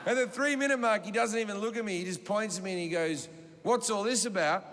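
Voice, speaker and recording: A man's voice: sits high, lively intonation, fast talker. An Australian man on a comedy stage, telling a rambling, profane story to a live audience and acting out the quotes. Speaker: stand-up comedian. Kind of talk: stand-up storytelling. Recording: reverberant live venue with audience noise.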